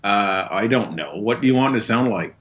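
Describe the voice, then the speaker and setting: A man's voice: fairly low pitch, animated, moderate pace, a bit bright. A man from Vermont, a DJ guest on an interview show, talking in an easygoing, hesitant way with fillers. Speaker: guest, wedding DJ. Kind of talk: casual interview chat.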